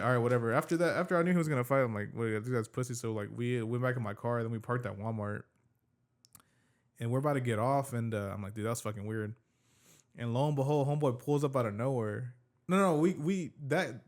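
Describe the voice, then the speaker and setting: A man's voice: medium pitch, fast. A man hosting a podcast, telling a story in casual, slangy, swearing chat. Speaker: podcast host.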